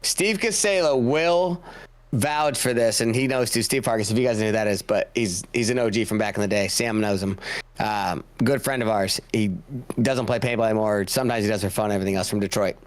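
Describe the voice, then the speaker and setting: A man's voice: on the low side, a little fast, no room sound. A man guest on a podcast, telling rambling, profane stories in a casual way and laughing as he goes. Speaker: podcast guest, paintball player. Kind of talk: casual storytelling.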